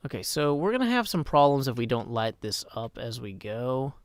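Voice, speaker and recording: A man's voice: medium pitch, big pitch swings, moderate pace. A man in his thirties hosting a casual live game stream, chatting wryly with viewers and muttering to himself as he plays. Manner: chatty, wry, reads chat aloud, mutters to himself. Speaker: livestream host. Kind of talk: casual live-stream chat while gaming.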